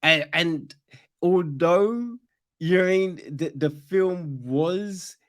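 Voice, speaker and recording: A man hosting a podcast, talking casually about films in a halting way with many restarts. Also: on the high side. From Britain. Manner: halting, restarts, laughs easily. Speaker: podcast host.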